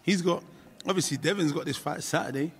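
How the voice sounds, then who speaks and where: A man's voice: fairly high pitch, brisk. A man talking as a guest in a casual interview, often starting with "listen" and restarting his sentences. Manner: repeats "listen", restarts often, laughs easily.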